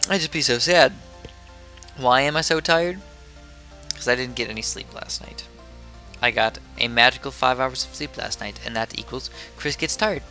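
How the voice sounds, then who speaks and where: Young man, sleepy gameplay commentator, rambling and chatty, bright tone. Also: medium pitch, normal speed, soft background music. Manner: rambling, chatty, drifts off topic. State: sleepy, yawning.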